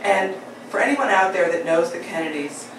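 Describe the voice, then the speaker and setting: Animated woman telling a story live. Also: medium pitch, normal speed. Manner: animated, laughing through the telling. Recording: echoey live hall, distant, noisy.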